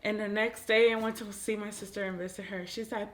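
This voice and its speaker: A woman's voice: mid-range voice, flat delivery, brisk, few pauses. A woman in casual chat, telling a personal story earnestly and acting out quotes.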